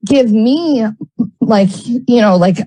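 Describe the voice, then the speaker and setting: A woman's voice: on the high side, lively intonation, slow, warm tone, rough recording. A woman telling a story in casual livestream talk, rambling with many fillers, swearing, and getting heated.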